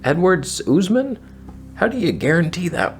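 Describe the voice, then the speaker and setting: A man's voice: high-pitched, big pitch swings, normal speed, soft background music. A man hosting a casual fight-prediction show, talking in a joking, sarcastic way. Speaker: podcast host.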